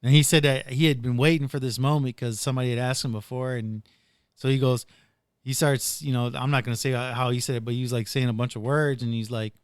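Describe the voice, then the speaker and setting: A man's voice: medium pitch, fairly even intonation, fast talker, clear, resonant tone, no echo, studio quality. A man hosting a casual podcast, rambling through retold stories with plenty of "dude" and "like". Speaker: podcast host.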